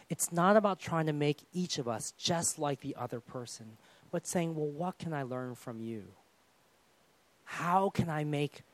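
A man preaching a sermon as pastor, telling stories in an animated way and acting out the quotes. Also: medium pitch. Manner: animated storytelling, acts out quotes.

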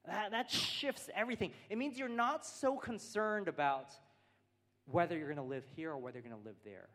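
A man's voice: high-pitched, moderate pace, fairly bright tone. An American man, a pastor, preaching a sermon in a church hall, earnest and building his points through repeated phrases. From United States. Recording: long hall reverb.

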